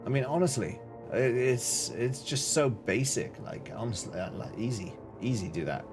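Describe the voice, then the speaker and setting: Man, game streamer, casual live chat, jokey and chatty, mid-pitched voice, faint music behind. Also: lively intonation, normal speed. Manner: chatty, jokey, greets viewers and reacts to chat. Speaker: gaming streamer.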